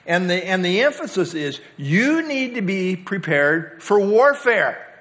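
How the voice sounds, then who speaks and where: A man leads a small-group Bible study in a relaxed, conversational way. His voice sits a little higher than most men's, and he uses many filler words while leaning hard on key words. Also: a little slow.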